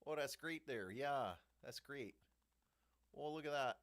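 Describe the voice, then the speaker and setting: A man's voice: mid-range voice, measured pace, a bit bright. A man hosting a casual live stream, chatting upbeat with viewers, reading their comments aloud and muttering to himself as he works his setup. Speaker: livestream host running card breaks and giveaways.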